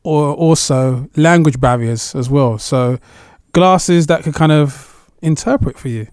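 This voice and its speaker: A man's voice: fairly high pitch, a little slow, darkish tone, smooth, no room sound, clean studio sound. Chatty man on a podcast. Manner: chatty, agreeable, lots of "yeah". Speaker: podcast co-host. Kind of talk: casual chat.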